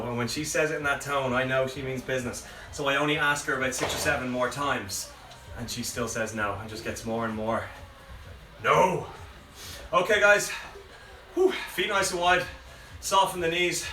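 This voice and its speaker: A man, out of breath, leading a live workout with energetic cues and chatty asides. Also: mid-range voice, normal speed, a little hiss or hum. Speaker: fitness coach. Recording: echoey room, mic at a distance, faint music.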